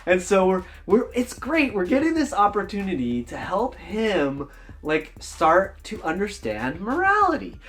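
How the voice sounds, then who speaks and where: A man vlogging about running a tabletop game, telling the story in an enthusiastic, animated way. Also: sits high, a little slow. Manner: animated, enthusiastic, jumps between voices. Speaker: dungeon master, tabletop gaming vlogger. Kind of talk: casual storytelling vlog.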